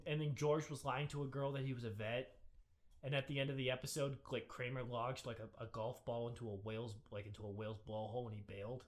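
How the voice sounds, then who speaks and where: A young man co-hosting a podcast, telling rambling, excitable stories in casual chat and breaking into loud impressions. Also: on the high side. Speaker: podcast co-host.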